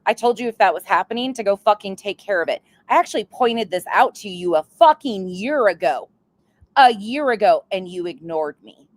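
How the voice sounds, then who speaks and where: A woman's voice: mid-range voice, animated, moderate pace, dry recording. A woman hosting a reaction commentary channel, blunt and sarcastic, swearing freely as she calls out the clip.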